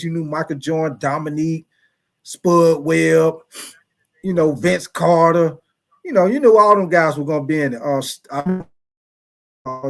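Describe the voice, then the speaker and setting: A man hosting a sports livestream in a slightly higher voice, chatting loosely and repeating his points. He calls out viewers from the chat by name and slips into playful mock-preacher asides. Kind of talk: casual sports talk livestream.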